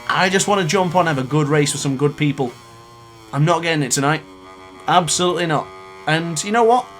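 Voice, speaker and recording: A man's voice: a little high, a bit bright. A man in his late twenties commentating his own racing game live, ranting in frustration between exasperated laughs. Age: 20s. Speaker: gaming YouTuber.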